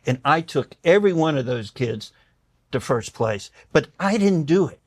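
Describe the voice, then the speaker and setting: With a slightly high voice and moderate pace, this older doctor shares stories as a guest in a conversation. He acts out quoted voices with animation and tears up. There's no room sound.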